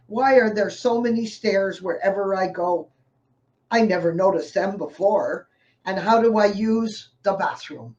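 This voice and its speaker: A woman's voice: mid-range voice, measured pace, a little mellow. A woman hosting a talk show, speaking in a wry, rhetorical way. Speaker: host. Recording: dull, distant sound.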